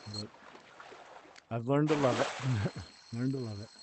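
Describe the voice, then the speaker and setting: A man's voice: medium pitch, slow, background noise. A middle-aged man hosting a stream, chatting casually and laughing often while he teases. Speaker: streamer host. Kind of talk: casual chat while gaming.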